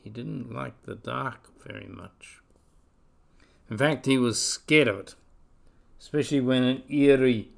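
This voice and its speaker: A man reading a children's story aloud, expressive and dropping to a whisper at scary moments. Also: medium pitch, a little slow, creaky, long pauses. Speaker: story reader.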